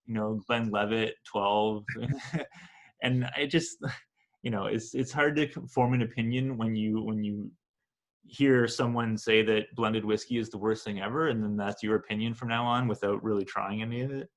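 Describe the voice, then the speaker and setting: A man's voice: lowish voice, fairly even intonation, moderate pace. A young Canadian man with a Canadian accent, co-hosting a podcast in a laid-back, casual chat full of restarts. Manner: laid-back, many filler likes and restarts. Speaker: podcast co-host.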